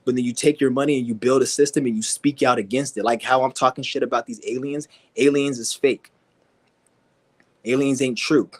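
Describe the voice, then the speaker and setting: A man's voice: steady tone, brisk. A man giving a profane, aggressive ranting monologue, mocking and swearing constantly. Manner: mimics people in high whiny voices. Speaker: vlogger.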